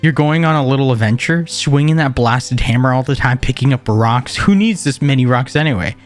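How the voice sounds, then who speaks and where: A man's voice: mid-range voice, a little fast, soft background music, lightly acted. A man voicing a fed-up, bitter young peasant wife, reading game dialogue aloud in a sarcastic rant. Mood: exasperated. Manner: sarcastic ranting.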